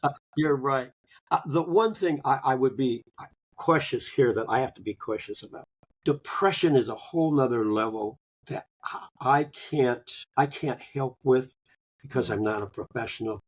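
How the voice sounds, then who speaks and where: An older man telling personal stories in a folksy, conversational way, often chuckling and trailing off softly. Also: medium pitch, normal speed. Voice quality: gravelly, husky. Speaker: guest, grief author. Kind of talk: conversational interview.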